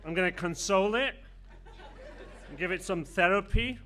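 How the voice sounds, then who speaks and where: A man's voice: high voice, moderate pace, bright, forceful tone. A man hosting a comedy show, joking wryly and teasing as he introduces the next comic on a handheld stage mic. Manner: wry, teasing.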